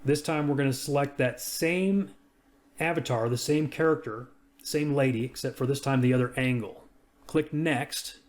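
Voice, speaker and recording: A man casually talking through each click as he walks through a software demo. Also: medium pitch, moderate pace. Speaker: software reviewer. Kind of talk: screen-recorded software walkthrough.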